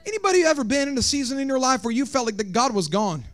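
A male pastor, preaching a sermon that swings from shouted, sung lines to quiet talk. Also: very high voice, expressive, fast. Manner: preaching, shouting and half-singing in rises, then dropping soft.

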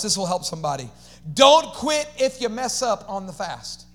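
High-voiced, animated man preaching. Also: moderate pace. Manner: animated preaching with call-and-response to the congregation; casual slangy asides. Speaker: pastor. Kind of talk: energetic sermon.

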